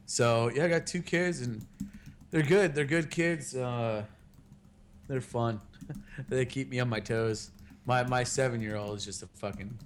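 A man's voice: medium pitch, a little slow, slight background noise. A man in his thirties hosting a podcast, telling rambling stories with a lot of swearing. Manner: rambling storyteller, swears freely. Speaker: podcast host. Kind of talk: casual chat.

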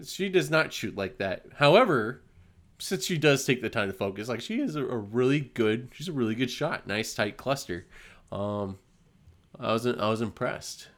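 A man in a relaxed conversation with a lively, swooping pitch. He tells stories with lots of laughter and easygoing asides. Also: normal speed. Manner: laughs often, animated storytelling. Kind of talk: casual chat.

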